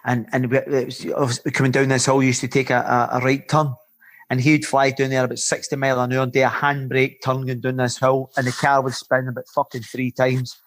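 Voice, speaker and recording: A Scottish man in his fifties, a former footballer and podcast guest, telling lively rambling stories and swearing freely. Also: mid-range voice, a little fast. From Scotland. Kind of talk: casual anecdotal storytelling.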